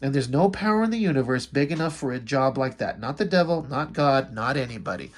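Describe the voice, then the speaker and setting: A man's voice: medium pitch, expressive, a little fast, close to an everyday voice. A man voicing a loving young wife from a comic book, pleading earnestly and urgently, close to his own voice.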